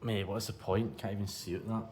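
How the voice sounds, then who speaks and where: A man's voice: lowish voice, fairly even intonation, fairly quick. A Scottish man filming a casual travel vlog, swearing freely and calling out to his viewers as boys and troops. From Scotland. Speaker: travel vlogger. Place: outdoors on busy city streets and in bars. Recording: phone audio with loud crowd and music. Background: crowd noise and music.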